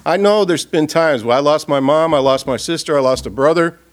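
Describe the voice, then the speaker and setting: A man preaching at a funeral, earnest and expressive, swinging from loud appeals to hushed, quiet passages. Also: a little high, a little fast. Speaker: pastor. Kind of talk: funeral sermon. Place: church or funeral gathering.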